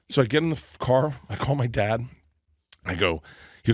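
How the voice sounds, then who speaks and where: A middle-aged comedian telling a comic story on a podcast, animated and quick to act out other people. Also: male voice, on the low side, slightly rough, no room sound, studio quality. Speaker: comedian guest.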